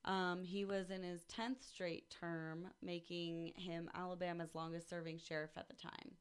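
Woman, podcast co-host, low smooth voice, animated, swears freely. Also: unhurried. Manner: animated, swears freely, reads news aloud with jokes. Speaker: news segment co-host. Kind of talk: casual podcast chat. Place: studio.

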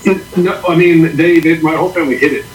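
A man who is a guest on a podcast, telling stories in casual chat with a relaxed, dryly humorous manner. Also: a little high, fast, a crowd in the background, poor audio. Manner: relaxed storyteller, dry humor. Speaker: guest, comic book creator.

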